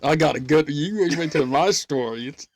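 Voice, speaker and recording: In a relaxed chat, a man who hosts a podcast spins stories with lively energy, imitating voices and frequently laughing. He speaks at a moderate pace with a fairly high pitch, and the sound has no echo.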